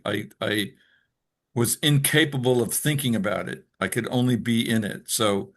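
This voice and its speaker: A man's voice: medium pitch, moderate pace. A man cohosting a podcast, explaining things thoughtfully for newcomers as he shares his own experience. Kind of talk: reflective podcast talk.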